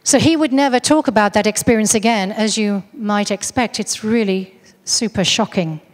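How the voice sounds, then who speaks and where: A woman's voice: mid-range voice, moderate pace, in a large hall. A woman giving a talk, earnestly recounting a case story with frequent restarts. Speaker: speaker on UFO contactees.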